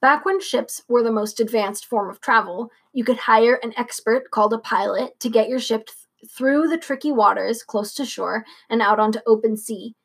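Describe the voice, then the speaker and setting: A woman's voice: fairly high pitch, normal speed, breathy edge. A young woman co-hosting a late-night podcast, rambling casually with lots of fillers and restarts. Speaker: podcast co-host.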